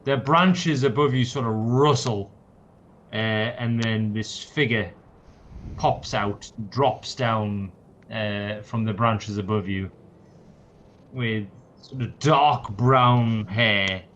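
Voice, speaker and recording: A man's voice: lowish voice, takes it slowly, fairly bright tone. A man narrating a tabletop game as game master, casual and peppered with swearing and fillers, on a dull lo-fi mic.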